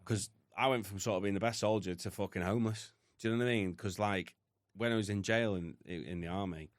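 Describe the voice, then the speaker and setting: A British podcast guest from the United Kingdom, with a very low, deep voice, tells the story of his past candidly and emotionally. He talks fairly quickly and bluntly, swearing heavily, and the recording is close and dry with no room sound.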